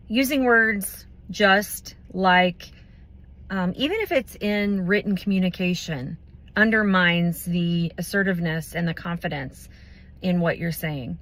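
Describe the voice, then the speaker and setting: A woman giving a motivational talk about communication, thoughtful and unhurried, with pauses and fillers. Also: fairly low pitch. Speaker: business community speaker.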